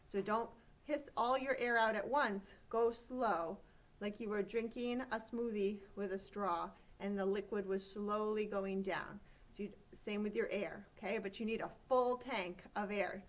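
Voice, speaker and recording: A woman teaching a choir, giving calm, step-by-step instructions for breathing and vocal warm-ups. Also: mid-range voice, measured pace.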